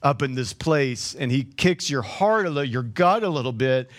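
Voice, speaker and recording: A man's voice: mid-range voice, lively intonation, normal speed. A man preaching a sermon as the pastor, conversational, with joking asides to the congregation and frequent repeated words.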